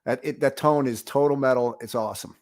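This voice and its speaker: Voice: mid-range voice, a little fast. A panel guest enthusing about a band's sound and laughing along. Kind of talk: casual panel chat.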